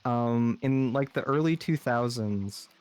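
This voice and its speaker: A man's voice: medium pitch, slow, a little mellow, clean tone, no echo. A man with a slight lisp and a general American accent, rambling through a casual podcast chat with lots of fillers. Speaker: podcast co-host.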